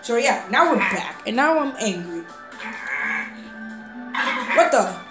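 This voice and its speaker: Roomy, lively voice over game music. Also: female voice, fairly high pitch, slow. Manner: hesitant, full of fillers, bursts into excited shouts. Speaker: voices all characters in a game role-play. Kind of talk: voicing a block-game story.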